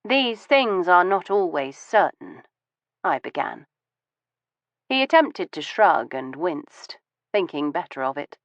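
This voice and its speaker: Woman audiobook narrator, low for a woman, composed and measured, dull dry sound. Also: big pitch swings, no echo. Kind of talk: first-person audiobook narration.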